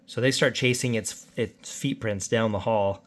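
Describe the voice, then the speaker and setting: A man's voice: on the low side, a little slow. A middle-aged man casually recapping a tabletop game session he ran for his son, chatty and self-deprecating. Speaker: dungeon master recapping his son's game.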